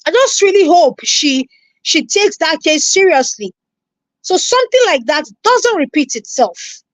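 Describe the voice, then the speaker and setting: Nigerian woman, live-stream reactor, very high, animated and scolding, dry mic. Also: unhurried, no room sound. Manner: animated, scolding, repeats herself, greets viewers.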